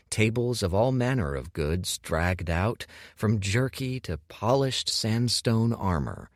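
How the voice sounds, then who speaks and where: A man narrating an audiobook with measured, expressive storytelling on a close studio mic. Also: low voice, dry recording. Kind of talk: scripted narration.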